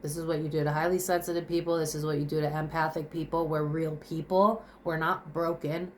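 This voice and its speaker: Her voice sits low with little pitch movement and runs a little fast, with a faint hiss or hum on the recording. The young vlogger is in her home kitchen, tearful and breathless, bluntly venting to camera with swearing and rhetorical questions in a raw confessional monologue.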